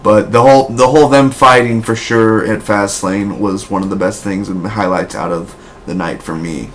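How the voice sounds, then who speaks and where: A man's voice: steady tone, moderate pace. A young man giving a casual, rambling spoken review, with frequent restarts and fillers. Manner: rambling, restarts often, bursts into loud high woo shouts. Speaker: wrestling reviewer.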